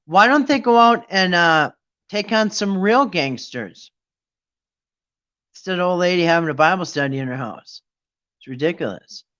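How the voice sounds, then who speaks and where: A man's voice: sits high, animated, moderate pace, long pauses, fairly bright tone, highs cut off. Indignant man ranting on a live stream. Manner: indignant, mocking, rambling with restarts. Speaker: livestream host. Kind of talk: casual live-stream chat.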